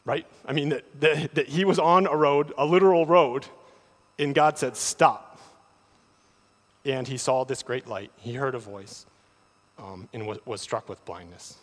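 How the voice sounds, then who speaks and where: A man preaching a sermon, often repeating words as he starts a thought, with animated delivery. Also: mid-range voice, normal speed. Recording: long hall reverb.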